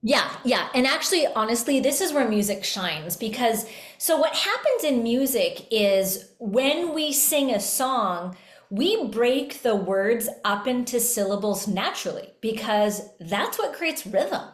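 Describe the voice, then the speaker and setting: A woman hosts a talk for teachers in a fairly high voice. She explains in a lively, casual way. The room adds a clear echo. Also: a little slow. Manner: lively, breaks into sung examples. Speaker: podcast host and music educator. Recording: roomy echo.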